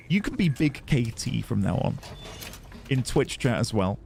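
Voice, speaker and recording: A man's voice: medium pitch, big pitch swings, normal speed, vocal fry, a little hiss or hum. A man streaming a video game, chatting loosely with his viewers, rambling and laughing often. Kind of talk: casual gaming livestream chat.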